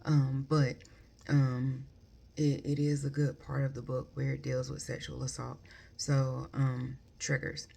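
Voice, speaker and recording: A woman's voice: extremely low pitch, little pitch movement, measured pace, gravelly, dark tone. A woman giving a casual, rambling book review full of ums and likes. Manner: rambling, many ums and likes, self-correcting.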